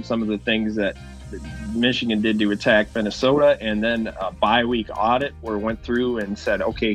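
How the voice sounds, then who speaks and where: A man's voice: lowish voice, fairly bright tone, poor audio. A man talking as a guest on a sports podcast, breaking down football in long, analytical run-on lists.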